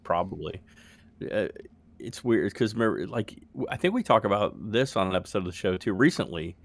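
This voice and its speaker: Podcast co-host, man, low voice, loose rambling delivery, dry close sound. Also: lively intonation, fairly quick, gravelly, no room sound. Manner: rambling, swears casually, laughs often. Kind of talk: casual chat.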